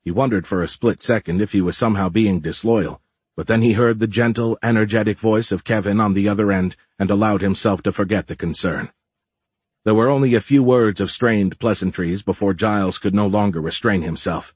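Low, husky male audiobook narrator. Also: no echo. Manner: steady, measured storytelling.

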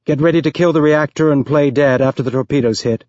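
A man's voice: on the high side, fast talker, a little mellow, no room sound, muffled recording, close to an everyday voice. A man voicing a commanding ship captain. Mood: urgent, commanding.

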